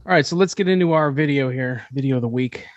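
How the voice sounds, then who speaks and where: A man co-hosting a comedy podcast, setting up segments in a relaxed, rambling way. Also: medium pitch, fast talker, no room sound, highs cut off. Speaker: podcast co-host. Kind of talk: casual podcast banter.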